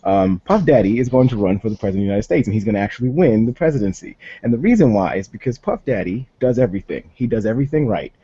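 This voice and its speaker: A man with a husky voice, giving a laid-back, assertive comic answer on a panel game. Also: lowish voice, expressive, fast talker, few pauses, mellow, no echo. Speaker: panel contestant. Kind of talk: comedic improv answer. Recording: muffled lo-fi recording.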